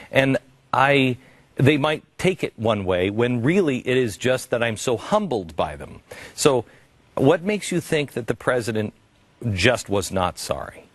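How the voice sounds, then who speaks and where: Halting, earnest male radio host. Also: medium pitch, no room sound. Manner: halting, earnest, many restarts. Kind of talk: radio interview.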